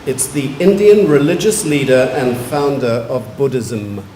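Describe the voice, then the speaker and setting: A man, pronouncing words clearly and giving short definitions at a spelling competition. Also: medium pitch, warm tone, slight background noise. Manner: measured, repeats each word clearly and gives brief definitions. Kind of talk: formal word pronouncing at a competition. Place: large museum hall.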